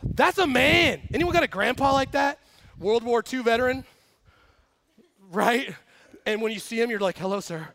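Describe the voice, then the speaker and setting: A young man preaching a casual, lively sermon, joking and acting out quotes as he tells a story. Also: very high voice, moderate pace, gravelly, pauses often. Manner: animated, jokey storytelling with acted quotes. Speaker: pastor.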